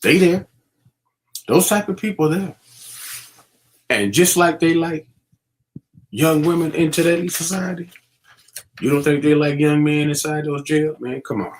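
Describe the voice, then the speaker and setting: A middle-aged man lectures young people in a casual commentary. His voice sits a little high for a man, and he leans on street slang and plenty of fillers as he warns them. The tone is preachy and streetwise. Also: measured pace, long pauses, slight background noise. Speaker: vlogger.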